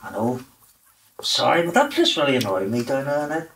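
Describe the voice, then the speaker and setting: An actor playing a grumpy, swearing middle-aged working-class dad with a Belfast accent, grumbling about lockdown rules. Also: male voice, medium pitch, animated, normal speed, fairly bright tone, slight background noise. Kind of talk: comedy drama acting.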